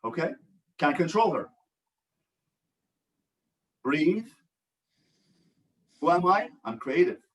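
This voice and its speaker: A high-voiced older man teaches a support group over a video call, animated and storytelling. He acts out the voices of the people in his anecdotes. The mic sits a little away from him. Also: slow, long pauses, distant mic, rough recording. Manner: animated storytelling with acted-out quotes. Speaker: rabbi and relationship coach. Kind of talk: online support group talk.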